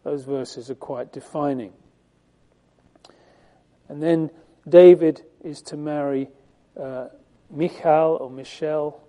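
A man's voice: fairly high pitch, fairly even intonation, slow, long pauses, warm tone. A man preaching a Bible-teaching sermon in a conversational, emphatic way, with frequent fillers and restarts.

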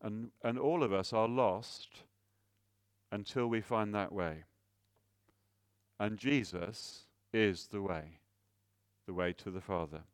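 A man's voice: on the low side, slow, long pauses, clear, resonant tone, dry recording. Earnest male preacher with dry sound. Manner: earnest, rhetorical questions, repeated restarts; swells louder on key points, drops soft for emphasis. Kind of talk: sermon.

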